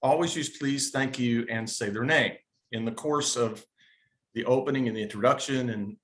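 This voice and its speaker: A man of middle pitch shares a story over a video call in a casual, earnest way. He talks it through as he thinks, often reaching for the next word. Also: normal speed, a bit bright. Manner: earnest, searching for words. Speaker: caller in a Q&A session.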